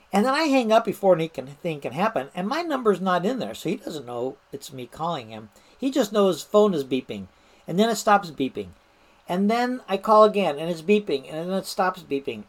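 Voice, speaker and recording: A middle-aged woman who spent her career in the fire service tells old stories in a loose, chatty way. She sounds amused, breaking into laughter and restarting her sentences often. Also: fairly low pitch. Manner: lively and amused, laughs while telling, many restarts. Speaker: retired fire service manager telling stories. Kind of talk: casual anecdotal storytelling.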